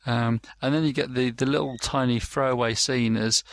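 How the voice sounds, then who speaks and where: A man's voice: medium pitch, fairly even intonation, normal speed, no echo, studio quality. A man casually talking over a show, rambling with lots of fillers and restarts and acting out quoted lines. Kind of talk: casual chat.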